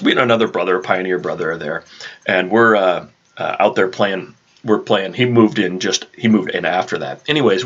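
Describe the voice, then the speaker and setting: A man hosting a vlog, telling an animated, rambling anecdote with lots of restarts, on a dull lo-fi recording. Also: fairly low pitch. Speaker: vlog host. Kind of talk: casual storytelling chat.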